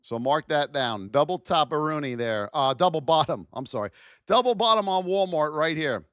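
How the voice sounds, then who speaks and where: Middle-aged male streamer, high and very animated, shouts out viewers between chart calls. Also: normal speed, smooth, no room sound, clean studio sound. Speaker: trading livestream host. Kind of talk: live stream market commentary.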